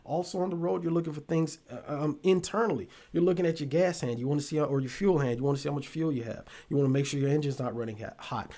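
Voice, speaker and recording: A man's voice: a little high, fast, few pauses, dark tone. A man hosting a casual live-stream talk show, loose and profane with laughing asides.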